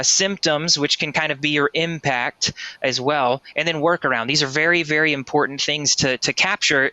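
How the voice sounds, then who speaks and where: Bright, crisp-voiced man presenting a webinar. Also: a little high, no room sound. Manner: conversational, tags sentences with "right?". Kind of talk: live software demo walkthrough.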